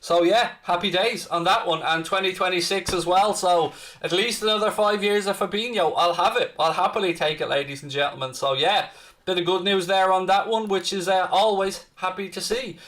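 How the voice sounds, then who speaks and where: Upbeat high-voiced man chatting. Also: steady tone, brisk, fairly bright tone. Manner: chatty, upbeat, reads out viewer comments. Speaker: fan channel host. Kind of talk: live-stream fan chat.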